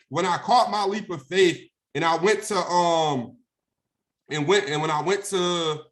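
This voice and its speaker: A man's voice: sits high, a bit bright. A young man telling a personal story in a casual, conversational way, often asking "right?" and acting out phone calls. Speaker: guest speaker.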